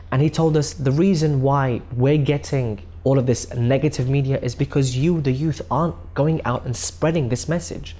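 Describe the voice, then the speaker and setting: A man's voice: mid-range voice, steady tone, moderate pace, hardly any pauses, dark tone. A man recounting his recitation tour in a documentary interview, earnest and often repeating and restarting words.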